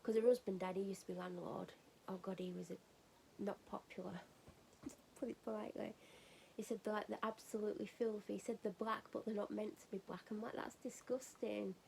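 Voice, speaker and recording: Chatty woman with a gravelly edge. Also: mid-range voice, fairly even intonation, fairly quick, a little mellow, slight background noise, rough recording. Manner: chatty, rambling, laughing at her own story. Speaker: vlogger. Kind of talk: casual chatty storytelling. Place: at home getting ready for bed.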